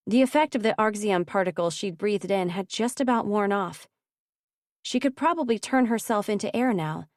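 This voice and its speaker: A woman narrating a young adult fantasy audiobook in an even, measured reading. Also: mid-range voice, no echo, studio quality. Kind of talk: scripted narration.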